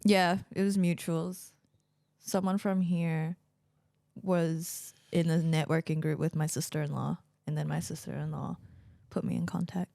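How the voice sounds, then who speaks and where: Female co-host, lowish voice, unhurried, chatty and giggly, dry mic. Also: little pitch movement, gravelly, dark tone, dry recording. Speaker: marketing staff, podcast co-host. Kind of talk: casual chat.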